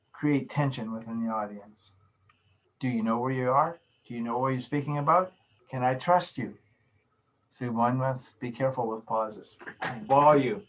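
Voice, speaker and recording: A middle-aged man lectures on how to speak in public, in a voice of middling pitch. He shows each technique with his own voice as he explains it, in the manner of an instructor. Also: moderate pace, pauses often, a bit bright, low-quality recording. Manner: instructive, demonstrates vocal techniques.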